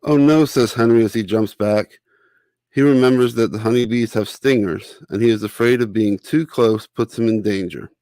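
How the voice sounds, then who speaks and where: Male narrator, low voice, dry close recording, steady storybook read-aloud. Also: moderate pace, dry recording. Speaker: author and narrator. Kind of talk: reading a children's picture book aloud.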